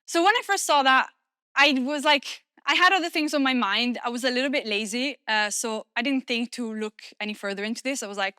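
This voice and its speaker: Italian-native woman doing a conf talk, bright voice, dry close mic, chatty and jokey. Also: fairly high pitch, normal speed, clear, resonant tone, no echo. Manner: lively and self-deprecating, many fillers. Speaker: conference speaker. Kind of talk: conference talk.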